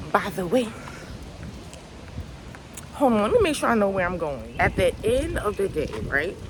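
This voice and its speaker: A woman's voice: fairly low pitch, heavy background noise. A woman talking casually to camera in a rambling, preachy, slangy way, outdoors near farm animals. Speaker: vlogger.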